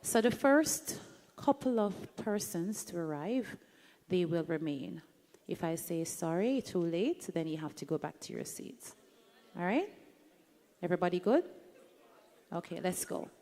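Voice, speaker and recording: A woman's voice: on the low side, lively intonation, a little slow, long pauses, darkish tone. A Jamaican woman hosting a live event, chatty and playful as she teases the audience. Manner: playful, chatty, teasing the crowd. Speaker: event host leading an audience activity.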